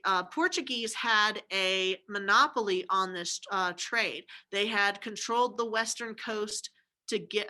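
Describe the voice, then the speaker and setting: A woman lectures on history in a chatty, informal way. Her voice is bright and clear, and she keeps checking in with her students and tossing in wry jokes as she goes. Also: mid-range voice. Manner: chatty and informal, with frequent "okay?" check-ins and jokey asides. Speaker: history teacher. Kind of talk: recorded classroom lecture.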